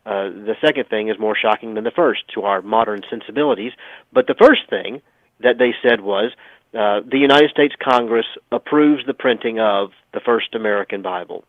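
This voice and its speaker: A man's voice: lowish voice, moderate pace, no room sound. A man on a radio talk show telling a history story in an emphatic, sometimes sarcastic way. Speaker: radio guest. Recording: tinny phone line, dry.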